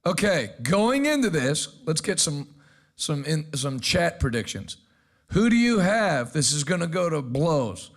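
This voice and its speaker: An American pastor hosting a casual news commentary show, tossing off wry quips between clips. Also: male voice, a little high, sing-song, unhurried.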